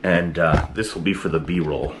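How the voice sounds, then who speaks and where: A man, a priest, giving a short casual sermon and telling a joke in an animated way, with a camera propped on a mug. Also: low-pitched, moderate pace, background noise. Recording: roomy echo with faint ambience.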